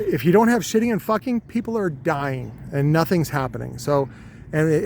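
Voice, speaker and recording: A man's voice: fairly high pitch, slight background noise. A man telling a rambling, crude vlog monologue to his viewers with many fillers. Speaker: vlogger.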